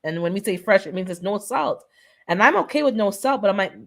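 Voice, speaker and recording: A woman's voice: medium pitch, animated, fast. A woman of Caribbean and Jamaican descent hosting a casual live-stream chat, earnestly pleading with her viewers and repeating herself for emphasis. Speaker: host of a live wellness chat.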